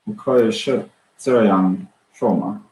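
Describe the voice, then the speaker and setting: A man's voice: on the low side, takes it slowly, a little mellow, echoey room, poor audio. A man taking an online language lesson, answering hesitantly and thinking aloud. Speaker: student. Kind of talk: online tutoring session.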